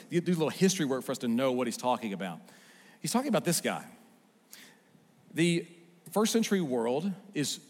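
Animated preacher man in a reverberant hall. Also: mid-range voice. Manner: animated, swinging from loud emphasis to hushed asides. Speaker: pastor. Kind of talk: sermon.

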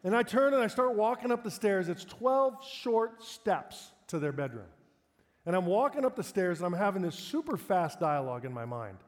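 A middle-aged male pastor with a notably high voice, preaching in a relaxed, conversational way and poking fun at himself as he tells stories. His words ring out with a long reverb, as in a large church hall. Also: normal speed. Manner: conversational, self-deprecating storyteller, breaks into laughter. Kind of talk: sermon with personal storytelling.

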